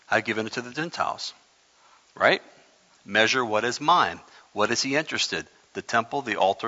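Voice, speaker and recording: A male pastor delivering a sermon with a bright, forceful voice. He stumbles over repeated words, then surges loud to drive a point home. The sound is dull and carries a long hall reverb. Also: mid-range voice, creaky. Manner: animated preaching with repeated words and sudden loud emphasis.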